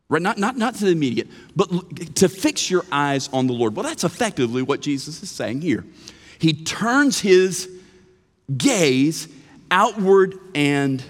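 A man preaching a sermon, swinging between hushed, slow phrases and loud, emphatic bursts. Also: medium pitch, big-room sound.

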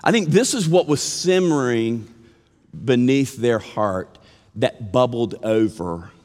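Slow-preaching man in a reverberant hall. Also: mid-range voice, lively intonation, darkish tone. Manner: earnest, drawn-out emphatic phrasing; mimics whiny complaints playfully. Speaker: pastor. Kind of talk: sermon. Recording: long reverb of a large hall.

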